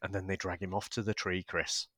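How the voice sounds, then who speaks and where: A man's voice: deep voice, level tone, fairly quick, sharp tone, slightly rough, no room sound, studio quality. A man co-hosting a casual film review podcast, rambling and laughing as he talks. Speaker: podcast co-host.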